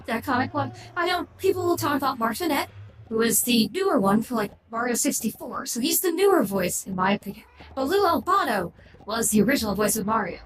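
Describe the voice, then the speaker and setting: A high-pitched woman streamer talks in a loose, rambling way and gives blunt opinions, often stopping and restarting mid-sentence. She sounds like she is in an echoey room, with steady noise audible behind her voice. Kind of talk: casual livestream chat.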